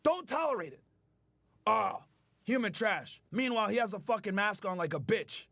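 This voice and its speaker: A man's voice: high voice, expressive, normal speed, gravelly, bright, forceful tone, no room sound, studio quality. A man hosting a stream, delivering a heated, profane rant that mocks the people he talks about. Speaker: streamer host. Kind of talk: angry ranting commentary.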